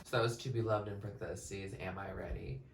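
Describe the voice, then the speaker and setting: A young man with a lowish voice chats excitably through his reaction commentary and breaks into snippets of song. He sounds a bit away from the mic in a roomy space, with faint music playing behind him. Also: fairly quick, vocal fry, recorded from a distance. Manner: chatty, excitable, sings snippets along.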